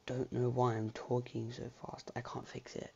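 A man's voice: mid-range voice, monotone, moderate pace, gravelly, warm tone, highs cut off, slight background noise. A man chatting casually on a game livestream, rambling and restarting his sentences, with the odd casual swear word. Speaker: streamer.

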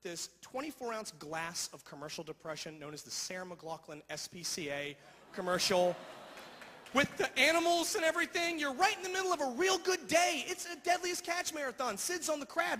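High-voiced, bright stand-up comedian. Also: male voice, sing-song. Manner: rapid rant with repeated "all right?". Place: comedy stage in a hall. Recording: reverberant hall, faint noise.

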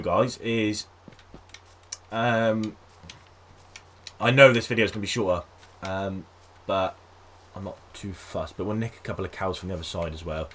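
A man giving casual let's-play commentary on a game, chatting to his viewers and coaxing animals along in a high sing-song voice. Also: fairly bright tone, a little hiss or hum. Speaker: gaming video host.

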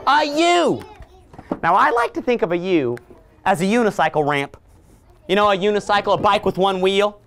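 A woman in her thirties teaching young children letter sounds in a library, playful and animated, making silly sounds and growls for them to copy. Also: medium pitch. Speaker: children's entertainer. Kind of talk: interactive children's phonics lesson. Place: public library room with children. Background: faint ukulele.

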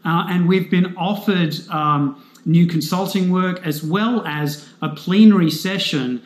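A man with a somewhat raised voice explains things steadily, pausing with ums as he thinks. He sounds like an interview guest with plenty of room echo around him. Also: sits high. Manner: measured, frequent ums and you-knows. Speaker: foundation spokesperson. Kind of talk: conversational interview answers. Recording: roomy echo.

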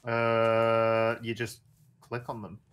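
Woman with a strikingly low voice, laid-back and matter-of-fact, casual game banter. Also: monotone, takes it slowly, a little hiss or hum. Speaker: fellow streamer. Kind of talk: casual gaming chat.

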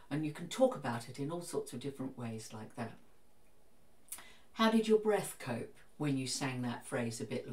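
Low-voiced woman coaching singing in a roomy space. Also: distant mic. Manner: calm, encouraging instructions. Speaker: vocal coach. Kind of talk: guided singing lesson.

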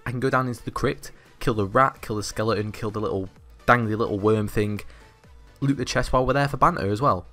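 A man's voice: fairly low pitch, fast, bright, forceful tone, soft background music. A young man, host of a gaming channel, giving cocky, boastful gameplay commentary full of banter and swearing.

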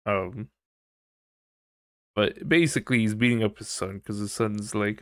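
A man's voice: fairly low pitch, unhurried, long pauses, a bit bright, no echo, clean studio sound. A man hosting a casual solo podcast, rambling, swearing freely and laughing often. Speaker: podcast host.

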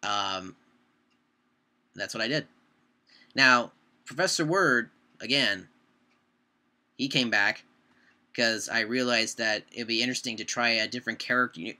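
Young male vlogger, casual and rambling, bright, pointed tone. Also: mid-range voice. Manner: rambling, self-correcting. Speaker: YouTube creator. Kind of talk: casual talk to camera.

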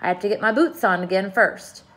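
A woman's voice: mid-range voice, a little fast, a bit bright, natural voice. A woman voicing a fussy, demanding male centipede in a storybook reading.

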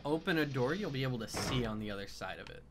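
A woman's voice: a bass voice, animated, fast, over music. A woman giving casual gameplay commentary, joking, swearing a lot and making playful sound effects.

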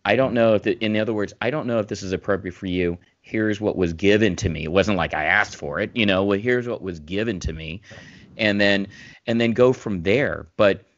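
A low-voiced man co-hosting a podcast, talking in long winding runs full of restarts and growing emphatic as he makes his point. His voice sits deep, and the recording is dry and a little dull, as if through a remote mic. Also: fairly quick, no echo. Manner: rambling, restarts, grows animated and emphatic. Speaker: podcast co-host, former physician. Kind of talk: casual podcast conversation.

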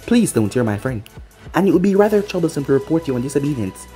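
A storybook narrator voicing a weary young ninja squad leader who scolds in a flat, tired way. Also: mid-range voice, fast, soft background music, close to an everyday voice. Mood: stern.

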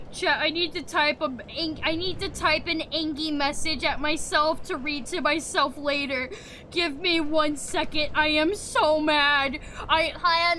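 A woman streaming a video game live, playful and dramatic, with baby talk and loud outbursts at enemies. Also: high-pitched, slight background noise.

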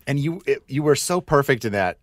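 A man's voice: mid-range voice, lively intonation, brisk, no echo, clean studio sound. A man hosting a casual podcast interview, playfully quizzing his guest. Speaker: podcast host.

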